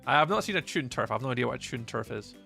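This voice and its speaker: A man's voice: medium pitch, expressive, racing, creaky, bright, forceful tone, soft background music. A man from Scotland with a Scottish accent, streaming a game live and chatting easily with viewers, greeting and thanking them by name as he reads their messages aloud.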